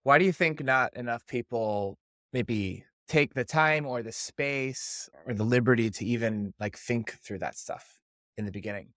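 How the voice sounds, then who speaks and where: A man's voice: medium pitch, unhurried, a bit bright, no room sound, studio quality. A man hosting a podcast, asking questions in a chatty, encouraging way with small restarts. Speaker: podcast host. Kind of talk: casual interview talk.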